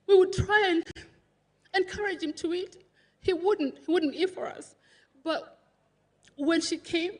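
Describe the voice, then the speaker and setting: A woman's voice: very high voice, normal speed. A woman giving an emotional tribute at a funeral service, laughing and crying as she speaks about her late brother-in-law. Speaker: eulogy speaker, sister-in-law of the deceased. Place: funeral service before a congregation.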